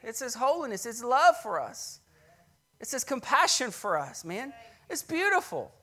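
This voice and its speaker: A man preaching a sermon with passion, telling scripture stories in a conversational way and swinging from loud, emphatic peaks to hushed, soft lows. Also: wildly swooping pitch, a little slow. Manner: storytelling, retells scripture scenes conversationally.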